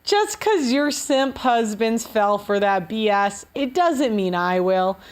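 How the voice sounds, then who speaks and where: A woman's voice: a little high, expressive, slow pace. A woman hosting a show, giving blunt, sarcastic and profane reaction commentary on clips. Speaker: show host.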